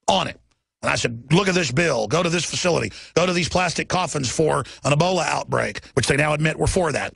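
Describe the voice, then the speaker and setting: Gravelly, ranting talk-radio man. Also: fairly high pitch, a bit bright, dry recording. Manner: agitated, ranting, repetitive rhetorical questions. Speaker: radio talk show host.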